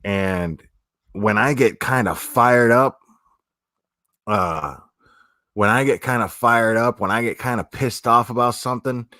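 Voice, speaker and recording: A man's voice: mid-range voice, a little slow, long pauses, bright, forceful tone, dry recording, studio quality. A man from South Florida with a South Florida accent, chatting casually on a livestream and answering comments in a rambling, profane way with many restarts. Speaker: streamer.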